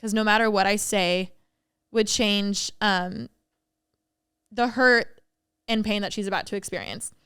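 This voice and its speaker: A woman hosting a podcast alone, talking openly and from the heart, quick to laugh, on a studio mic. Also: mid-range voice, steady tone, a bit bright, clear, resonant tone, no room sound. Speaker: podcast host. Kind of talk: candid solo podcast reflection.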